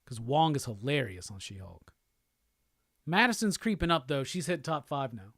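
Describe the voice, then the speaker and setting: A man's voice: medium pitch, sing-song, moderate pace, fairly bright tone, dry recording, studio quality. A man hosting a live show, chatting loosely and profanely while reading viewer comments aloud. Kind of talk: casual livestream chat.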